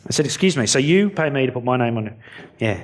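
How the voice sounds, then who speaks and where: Speaking fast and expressively in a medium-pitched voice, this Australian keynote speaker addresses a conference audience bluntly, mocking himself and acting out others' words. A faint hiss or hum sits underneath.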